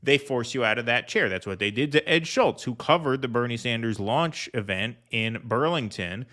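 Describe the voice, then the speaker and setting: A man co-hosts a political commentary stream, combative and blunt. His voice is bright and forceful and sits at a middle pitch. He swears freely as he argues. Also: animated, moderate pace. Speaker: co-host.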